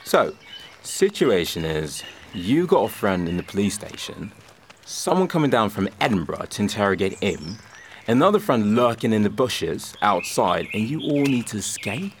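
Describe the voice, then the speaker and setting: Sarcastic streetwise city kid. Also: male voice, lowish voice, sing-song, moderate pace, a little hiss or hum. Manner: sarcastic, wry. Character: cheeky street-smart young man hiding out.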